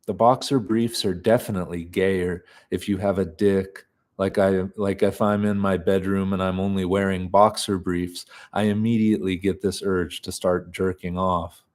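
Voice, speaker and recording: A man reading a novel aloud in an unhurried, deadpan way. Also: low-pitched. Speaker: reader of a novel.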